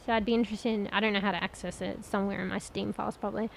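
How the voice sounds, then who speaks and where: A woman's voice: mid-range voice, little pitch movement, racing, creaky, a little hiss or hum, poor audio. A woman streaming a game and chatting casually with viewers, thinking aloud and swearing now and then. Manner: chatty, addresses viewers directly. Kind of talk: casual gameplay commentary.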